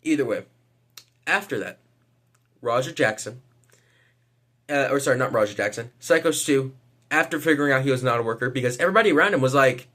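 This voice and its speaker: A man's voice: medium pitch, brisk, long pauses, fairly bright tone. A man giving casual vlog commentary, hesitant, with lots of fillers and casual swearing. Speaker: vlogger.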